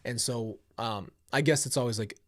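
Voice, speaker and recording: A chatty man hosts a casual reaction show at an average pitch. He drifts into tangents as he talks. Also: moderate pace, a bit bright. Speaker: host.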